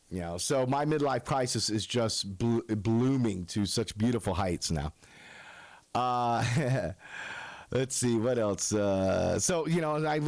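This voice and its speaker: A man's voice: medium pitch, no echo. A man in his forties, a radio host, telling rambling, self-mocking stories in a casual monologue. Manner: self-mocking storyteller, lively.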